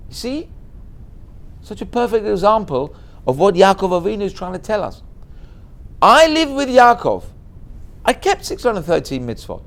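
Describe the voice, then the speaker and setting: A middle-aged man giving a Torah lesson as a rabbi, telling a story in a lively way and mixing in Hebrew and Yiddish words. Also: sits high, normal speed, vocal fry.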